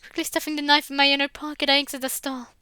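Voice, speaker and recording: A woman reading a visual novel aloud in expressive first-person narration. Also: high voice, fast.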